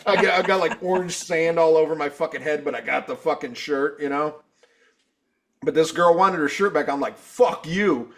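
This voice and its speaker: A man's voice: fairly high pitch, fairly quick, vocal fry. Profane, rambling man telling stories. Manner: profane, rambling, acts out quotes loudly. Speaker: podcast co-host. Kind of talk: casual storytelling chat.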